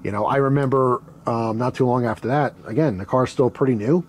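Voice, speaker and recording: A man's voice: mid-range voice, a little fast, a little hiss or hum. A middle-aged man casually telling a rambling childhood story, laughing and acting out the voices he quotes. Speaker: knife channel host.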